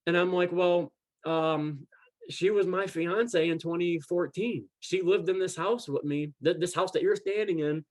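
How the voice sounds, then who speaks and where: Male guest, fairly high pitch, animated storyteller who voices the other people in his story and stumbles over restarts. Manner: animated, acts out quoted dialogue; repeats words and restarts often. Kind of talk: casual storytelling chat.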